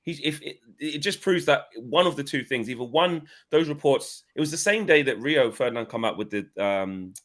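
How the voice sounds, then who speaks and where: A man's voice: mid-range voice, normal speed, few pauses. A man co-hosting a casual chat show, talking loosely and with energy. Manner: animated, chatty, loose phrasing. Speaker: co-host of fan channel.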